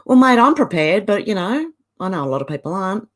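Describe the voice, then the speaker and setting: An Australian woman hosts a casual livestream at a mid pitch. She chats freely, laughs often and drops in Aussie slang as she reads viewer comments aloud. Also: big pitch swings, fast talker. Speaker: livestream host.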